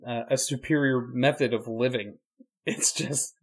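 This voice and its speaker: Co-hosting a podcast, an easygoing preacher thinks aloud in a relaxed, reflective manner at a measured pace, slipping dry, deadpan jokes into the casual chat. His voice sits in a mid-range register for a man.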